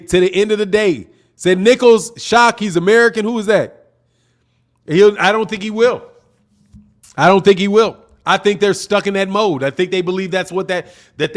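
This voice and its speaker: A man hosting a boxing talk stream, reading viewer chats aloud in a loose, chatty way, repeating himself and laughing often. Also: high-pitched. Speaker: boxing channel host. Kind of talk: casual livestream commentary reading viewer chats.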